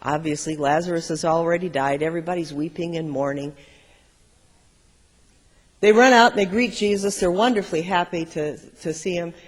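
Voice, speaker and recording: A middle-aged pastor preaching a sermon, telling stories and swinging between loud and soft. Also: male voice, a little high, moderate pace. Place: large church sanctuary. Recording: long church reverb.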